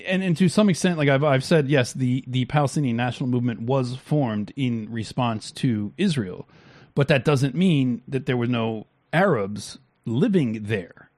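A man's voice: medium pitch, animated, normal speed, a little mellow. A man co-hosting a talk stream, reacting to clips in blunt, crude, heated talk with many restarts. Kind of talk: casual profane commentary.

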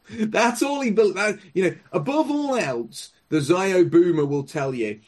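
A man speaks slowly and sardonically as a guest in a political chat. His slightly high, husky voice moves widely in pitch. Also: animated, a little mellow.

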